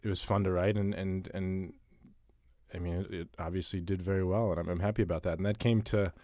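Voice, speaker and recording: A very low-voiced man talks through his answers in a relaxed interview, circling back and repeating words as he gathers his thoughts. The sound is close and dry, with no room around it. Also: fairly quick, dry recording. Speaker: interviewee, writer. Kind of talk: casual interview talk.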